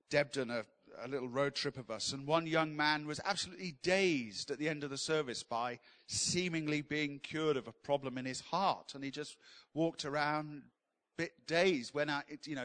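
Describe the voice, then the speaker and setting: A man's voice: fairly high pitch, fairly bright tone. A man giving an informal, enthusiastic Bible teaching in a church session, talking conversationally with frequent restarts.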